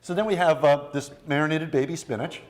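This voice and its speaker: A man's voice: on the high side, brisk. A man chef doing a cooking demonstration in a TV studio kitchen, joking and rambling through stories as he works. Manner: jokey, rambling storyteller. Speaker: guest chef. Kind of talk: cooking demo chat.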